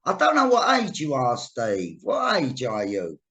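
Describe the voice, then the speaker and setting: A man's voice: medium pitch, huge pitch swings, a little slow, sharp tone. A man hosting a casual podcast interview, asking questions with plenty of enthusiastic reactions. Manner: enthusiastic, exclaiming often. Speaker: podcast host.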